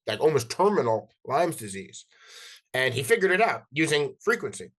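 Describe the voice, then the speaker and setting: A middle-aged man from New Jersey and New York City, a podcast guest telling animated stories in casual interview talk, often acting out dialogue and restarting his sentences. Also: mid-range voice, moderate pace. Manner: animated, acts out quoted dialogue, frequent restarts and "like".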